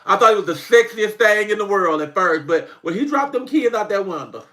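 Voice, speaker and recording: A man who makes comedy skits, chatting casually on a livestream as an animated, laughing storyteller who swears freely. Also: high voice, fairly quick, very noisy. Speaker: comedy skit creator hosting a livestream.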